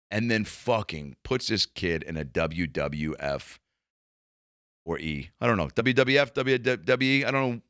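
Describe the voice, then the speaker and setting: A man hosting a comedy podcast, talking in a casual, profane, animated monologue and acting out quotes in raised voices. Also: fairly low pitch, no room sound, clean studio sound.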